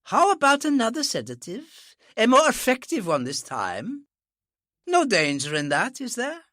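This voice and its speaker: A man's voice: extremely high pitch, wildly swooping pitch, measured pace, pushed and bright, no room sound, studio quality, pitched above the performer's own voice, exaggerated voice. A narrator voicing a heavy, hot-tempered older father who blusters and splutters with rage. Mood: blustering.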